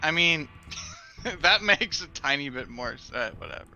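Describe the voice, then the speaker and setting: A man's voice: fairly high pitch, unhurried, dull audio. A man playing a tabletop role-playing game, joking and chatting casually with the group. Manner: joking, animated. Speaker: player.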